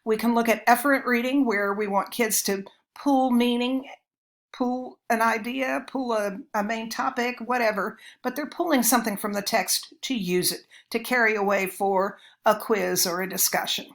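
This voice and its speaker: A woman's voice: on the high side, fairly even intonation, moderate pace. A middle-aged woman teaching children's literature, giving a chatty, anecdotal lecture and calling her listeners folks. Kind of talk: recorded lecture.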